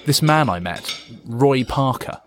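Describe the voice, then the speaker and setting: An actor playing a defensive, brooding young Irish writer in an audio drama. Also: male voice, mid-range voice, lively intonation, slow pace, a crowd in the background. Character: posh young Irish man, moody would-be writer.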